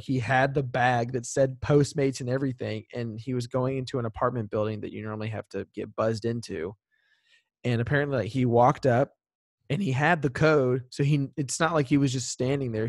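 A podcast co-host with a mid-range male voice tells stories in casual chat, animated, acting out the voices of the people he quotes. The recording is dry and of studio quality.

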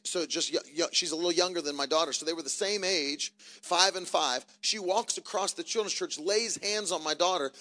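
A man in his thirties, a traveling preacher, telling jokey family stories from the pulpit with loud bursts. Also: a little high. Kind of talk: church announcements and family stories. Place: church service.

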